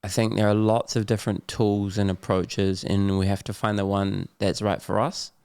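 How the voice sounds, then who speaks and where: A man's voice: lowish voice, little pitch movement, normal speed, creaky, darkish tone, smooth, no echo, studio quality. A middle-aged man with a New Zealand accent, talking candidly and loosely as a podcast guest, with slang and laughs. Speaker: podcast guest, Muay Thai champion. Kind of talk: candid casual conversation.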